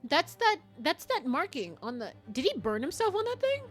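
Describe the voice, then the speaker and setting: A woman's voice: high voice, huge pitch swings, moderate pace, fairly bright tone, faint music behind. A woman streamer chatting casually over a game, laughing often and swearing freely. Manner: laughing a lot, swearing, reading game lines aloud. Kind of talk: casual gameplay commentary.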